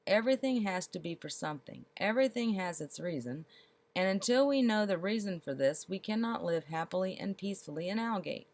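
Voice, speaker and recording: Brief: woman reading as a fretful storybook mayor, pushing his questions higher and louder. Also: lively intonation, a little fast, natural voice. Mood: agitated. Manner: rising, insistent questioning. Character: fussy, excitable male village mayor.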